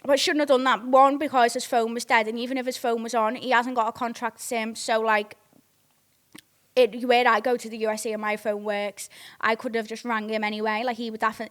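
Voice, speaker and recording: A woman, hosting a podcast and telling a rambling, sweary story in a casual way. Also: fairly high pitch. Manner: sweary, rambling, excitable retelling. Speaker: podcast host.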